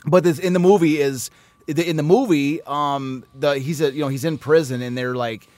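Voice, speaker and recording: A fairly high-voiced man who talks animatedly, telling old sports stories and reading archive passages aloud. The sound is dry and close, with no room around it. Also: steady tone, moderate pace, a little mellow, dry recording. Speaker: podcast host and filmmaker. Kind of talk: casual chat.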